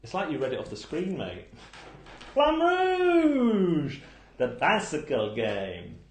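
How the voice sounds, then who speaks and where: A man's voice: mid-range voice, very animated, normal speed, roomy sound, slight background noise. A man hosting a board game countdown, reading out reviews and answering them with dry jokes and puns. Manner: wry, punning, jumps between joking and mock outrage. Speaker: board game channel host.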